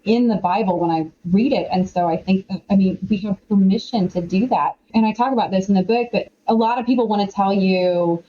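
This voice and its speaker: Chatty middle-aged woman guest, mellow voice, kinda dull lo-fi sound. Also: medium pitch, fairly quick, hardly any pauses. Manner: animated, chatty, lots of "like" and quoted asides. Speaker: author and podcast guest. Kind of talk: casual conversational interview.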